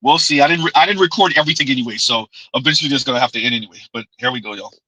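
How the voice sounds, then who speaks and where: A man's voice: mid-range voice, very fast, sharp tone, a little hiss or hum, low-quality recording. A man hosting a commentary livestream, talking emphatically and repeating himself, sometimes calling himself by name in the third person. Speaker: livestream host.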